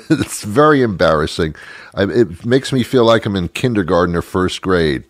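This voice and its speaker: A middle-aged man hosting his own show, ranting in a rambling, sardonic way and chuckling at his own jokes. His voice sits very low, and the sound is close and dry with no room around it. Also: animated, moderate pace, no echo. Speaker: radio show host. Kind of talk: comedic monologue rant.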